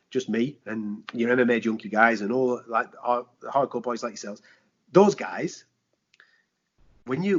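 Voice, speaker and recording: A man, a sports presenter, chatting on a podcast in a lively way, with rhetorical questions, slang and swearing. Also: mid-range voice. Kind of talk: casual podcast chat. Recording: dull lo-fi podcast audio.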